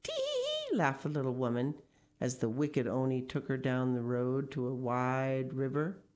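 A woman reading a picture book aloud, expressive and unhurried, with small asides about the pictures. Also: extremely low pitch, slight background noise. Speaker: storyteller.

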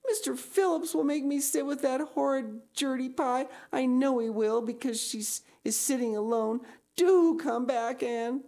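A woman voicing an excitable young schoolgirl who pleads with her friend in a high, tearful, gushing way. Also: unhurried. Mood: tearful pleading.

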